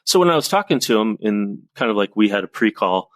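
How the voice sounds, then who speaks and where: A man coaching on presentations, telling lively anecdotes as a podcast guest. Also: fairly low pitch, a little fast, no room sound. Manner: lively storyteller, animated anecdotes. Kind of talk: casual podcast conversation.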